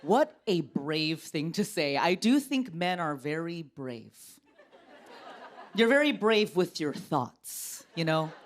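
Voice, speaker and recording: A woman in her thirties doing a stand-up comedy set on a TV stage, wry and exasperated, acting out the people she quotes at a louder pitch. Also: sing-song, slow pace, a little hiss or hum. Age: 30s. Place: television studio stage. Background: studio audience laughter.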